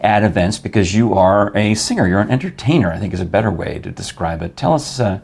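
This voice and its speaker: A man's voice: lowish voice, lively intonation, brisk, creaky, darkish tone, slightly rough. An older man from New York hosting a casual interview show, chatty and rambling, laughing often. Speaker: talk show host.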